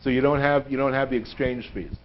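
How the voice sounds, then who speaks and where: A man teaching a synagogue audience, an animated storyteller who often checks in with "right?" and mixes humor into the lesson. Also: mid-range voice, fairly quick, slight background noise. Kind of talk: lecture with humor. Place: synagogue hall. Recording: dull lo-fi livestream sound.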